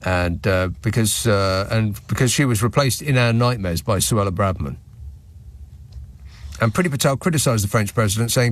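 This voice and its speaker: Reading listener messages on his radio phone-in show, a man with a lowish voice sounds sardonic and mocking. He talks at normal speed into a studio microphone.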